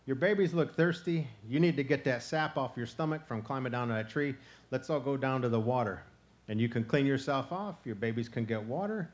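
A man voicing a clever, patient male box turtle who calmly talks others into his plans. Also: mid-range voice, brisk, close to an everyday voice. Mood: coaxing. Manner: calm, persuasive, coaxing.

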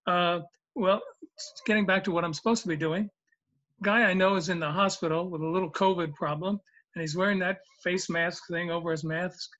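Older man, 70s, folksy joke teller, rambling, fairly high voice, dull lo-fi sound. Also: steady tone, fairly quick, a bit bright. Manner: folksy, rambling, with many fillers. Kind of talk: storytelling a joke.

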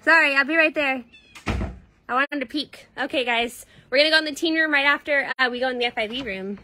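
A woman's voice: sits high, a little fast, bright, forceful tone, slight background noise. A woman hosting a casual livestream from inside a cat shelter, chatty and upbeat as she reads out donations. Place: cat shelter room indoors. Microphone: phone.

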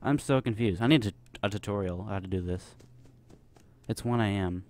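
A man's voice: lowish voice, normal speed. A young man giving nervous, rambling commentary while playing a horror game, full of fillers. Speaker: gameplay commentator. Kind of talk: let's play commentary.

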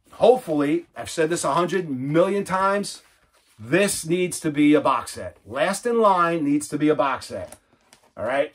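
Man, middle-aged, casual record vlog, rambling easygoing talk, slightly high voice. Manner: laid-back rambling, lots of "man" and "you know". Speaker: vinyl collector vlogger. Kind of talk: casual record unboxing chat. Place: home record room.

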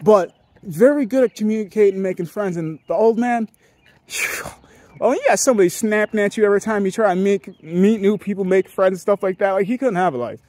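A man's voice: high voice, fast, a little mellow, no echo. A young man rambling through a casual podcast monologue, profane and often laughing. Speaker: podcast host.

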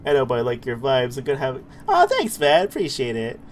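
A man's voice: mid-range voice, steady tone, fast, a little hiss or hum. A man streaming a horror game, chatting casually with viewers, yelping at scares and cursing. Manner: jumpy, yelps and laughs, swears, chats with viewers. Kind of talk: casual live-stream commentary.

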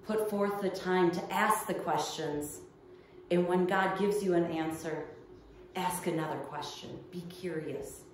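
A woman's voice: lowish voice, measured pace, a little hiss or hum. A woman pastor delivering a midweek sermon, telling a personal story in an earnest, storytelling way. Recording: echoey room heard from far off.

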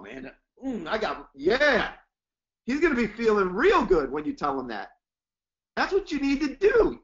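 A man's voice: sits high, fairly bright tone, muffled recording. A man teaching a sales class, talking emphatically and acting out sample praise lines for phone calls. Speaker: sales trainer. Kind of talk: training lecture with demo lines.

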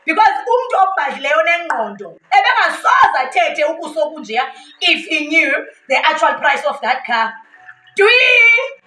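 Brief: South African woman vlogger, Xhosa native, very high bright voice, lively storytelling, echoey room with the mic set back. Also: far from the mic. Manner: animated, switches languages, laughs often. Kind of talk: storytime vlog.

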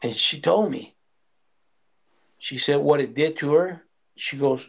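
Unhurried and gravelly, with a fairly high pitch, a man recounts his life testimony in an interview, voicing the different people in his story as he quotes them. The audio is dull and lo-fi.

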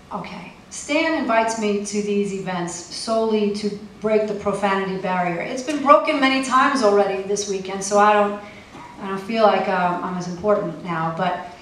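At a poetry festival venue, a woman poet with a mid-range voice gives a live reading, wry and pointed, tossing in casual asides between poems. The echoey room and distant mic leave faint ambience and slight background noise.

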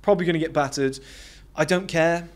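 A man's voice: a little high, a little fast. A British man giving an unscripted motivational monologue as a dating and self-improvement coach, blunt and emphatic with lots of swearing.

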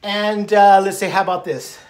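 A man's voice: high voice, steady tone, normal speed, loud music behind the voice. A middle-aged man talking casually to camera in a rambling, upbeat way, now and then breaking into song. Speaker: vlogger. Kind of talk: casual talk to camera, with bits sung.

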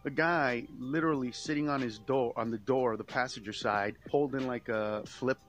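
A comedian telling stories in a podcast interview, swearing freely and acting out dialogue. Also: male voice, mid-range voice, moderate pace, highs cut off, faint music behind. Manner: animated, swearing, acts out dialogue. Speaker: comedian guest.

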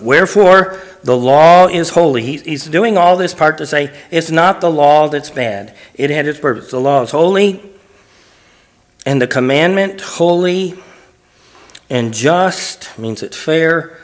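With a fairly high voice, lively intonation and a normal pace, a pastor leads his church through scripture one verse at a time. Each verse gets read aloud and broken down phrase by phrase in plain, conversational terms.

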